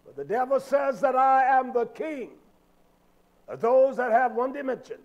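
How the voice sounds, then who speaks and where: A man's voice: very high voice, animated, moderate pace, muffled recording. A man preaching a sermon with an emphatic, repetitive cadence.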